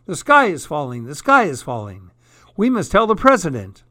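A man voicing a frantic, dim-witted hen in a storybook reading, crying out in loud panicky bursts. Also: a little high, huge pitch swings, moderate pace, no room sound, studio quality, heavily acted. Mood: panicked. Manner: loud panicky repeated cries.

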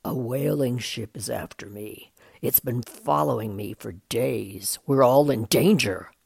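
Brief: huge worried whale, slow deep rumble, husky dry read by a woman. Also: a little mellow, no room sound, heavily acted. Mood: grave.

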